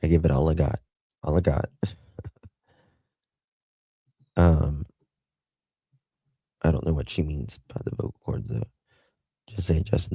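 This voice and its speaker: Man, Southern accent, middle-aged, livestream chat, mellow voice, chatty and affectionate. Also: extremely low pitch, creaky, breathy edge, no echo. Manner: chatty, reads viewers' chat aloud with endearments. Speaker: livestream host.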